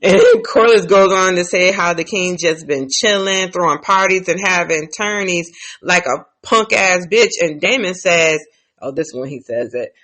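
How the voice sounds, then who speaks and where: A woman's voice: fairly low pitch, unhurried, a bit bright. A woman casually recapping TV episodes, chatty and profane, laughing as she tells the story. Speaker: TV recap vlogger.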